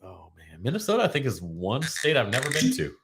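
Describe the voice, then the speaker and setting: A man's voice: medium pitch, wildly swooping pitch, a little fast, background noise. A man co-hosting a casual live show over drinks, playful and fond of trying out silly regional accents. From Florida. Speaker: podcast co-host.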